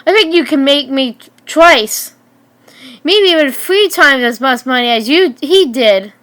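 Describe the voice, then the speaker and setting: A woman voicing a greedy, scheming man who runs dog fights, loud and excited, in an amateur story reading where she stumbles over words. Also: high voice, unhurried.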